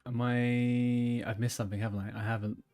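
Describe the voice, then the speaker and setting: A man streaming a video game, talking in a loose, joking and rambling way as he reads the on-screen text aloud. His pitch sits in the middle. Faint background music runs under his voice. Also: level tone, normal speed, a little mellow. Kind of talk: casual gameplay chat.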